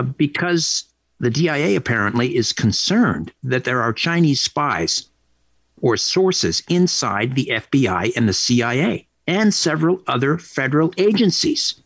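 A man's voice: mid-range voice, fairly bright tone, husky, no echo. A male talk radio host delivering an indignant, emphatic monologue, repeating phrases for emphasis.

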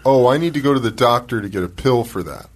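Man, co-host, casual chat, laid-back interjections, lively intonation. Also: medium pitch, quick pace. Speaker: podcast co-host.

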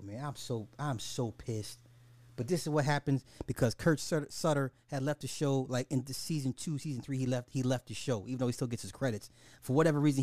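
A man of middle pitch hosts his own podcast in loose, casual talk, swearing freely and stumbling over repeated words when worked up. The sound is dry and close, with no room around the voice. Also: a little mellow, no echo. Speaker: podcast host. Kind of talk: casual ranting commentary.

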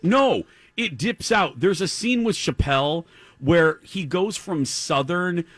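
A man hosting a podcast, talking about movies in an animated, exasperated way. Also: sits high, slow, no room sound. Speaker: podcast host. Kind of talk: casual chat about movies.

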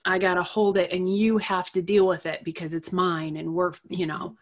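A middle-aged woman telling an emotional personal story as a guest, candid and animated, laughing between phrases. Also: fairly low pitch, moderate pace.

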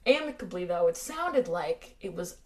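A woman's voice: lowish voice, big pitch swings, moderate pace. An American woman co-hosting a casual true-crime podcast, chatty and wry, with lots of fillers. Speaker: podcast co-host.

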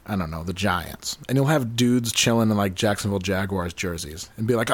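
A man's voice: fairly low pitch, fairly quick, fairly bright tone, slightly rough, dry recording. A man co-hosting a podcast in casual, rambling chat, joking and swearing freely. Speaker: podcast co-host.

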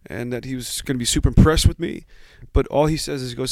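A man's voice: a little high, fast talker, few pauses, a little mellow, no echo. A man in his forties casually telling a long story about his start, rambling and self-deprecating with many restarts. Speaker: guest.

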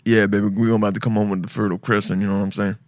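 A man doing a deep-voiced smooth seducer. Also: level tone, racing, darkish tone, no room sound, lightly acted. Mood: suggestive.

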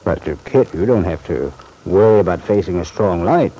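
A man's voice: low-pitched, lively intonation, normal speed, dark tone, slight background noise, low-quality recording. A genial fatherly banker uncle. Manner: genial, chuckling, reassuring. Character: fatherly middle-aged male bank owner uncle. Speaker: bank executive. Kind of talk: vintage radio soap acting.

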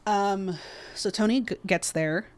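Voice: medium pitch, a little slow, no echo. A podcast co-host casually recapping a movie plot, rambling with lots of fillers and restarts.

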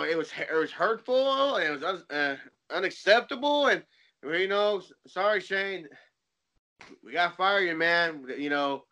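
This is a casual podcast chat from a host in his forties who rambles through loose anecdotes. His high voice sounds pushed and bright, and the recording is lo-fi.

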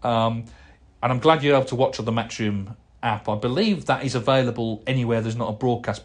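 A middle-aged man hosting a casual solo podcast, rambling and chatty with plenty of fillers and restarts as he answers listener emails. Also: on the low side. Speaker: podcast host.

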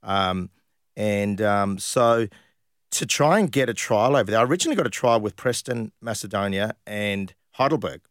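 A middle-aged man, telling lively football anecdotes in a casual interview and acting out what others said. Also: on the low side, moderate pace, no room sound, studio quality. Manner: animated anecdotes, acts out quoted voices, laughs often. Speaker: interview guest, former footballer.

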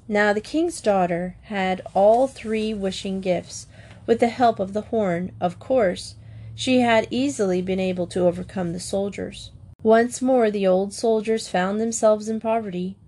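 Woman reading a fairy tale aloud. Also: mid-range voice. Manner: calm, measured, expressive storybook narration. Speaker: storyteller. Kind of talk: storybook reading of fairy tales.

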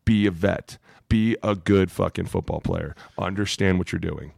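A man in his thirties, a former football player co-hosting a podcast, talking bluntly with lots of swearing and acting out what coaches yell. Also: low-pitched, normal speed, vocal fry, husky, dry recording, clean studio sound. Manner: blunt, profane, emphatic, acts out coaches' lines. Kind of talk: casual podcast chat.

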